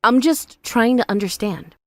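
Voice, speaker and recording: A woman voicing a patient young bride in an animated story, calm, earnest and reasoning. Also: a little high, normal speed, no room sound.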